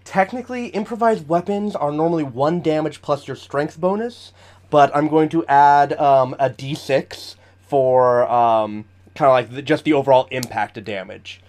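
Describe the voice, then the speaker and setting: A man's voice: on the high side, moderate pace, a little mellow. A man running a tabletop game as game master, narrating the action vividly and chatting with frequent fillers.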